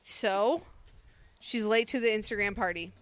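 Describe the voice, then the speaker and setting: A woman co-hosting a radio show, reading celebrity news in a brisk, dismissive casual way. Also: medium pitch, no echo.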